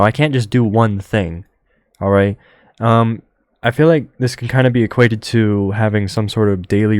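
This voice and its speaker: Young male podcast host, low monotone delivery, rambling and full of fillers, dry close-mic sound. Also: no echo. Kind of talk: solo podcast monologue.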